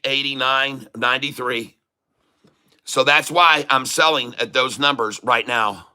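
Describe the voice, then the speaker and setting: A man hosting a live day-trading stream from home, talking loudly and joking as he reads out his buy and sell numbers. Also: mid-range voice, clean tone. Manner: loud, chatty, jokey. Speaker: host.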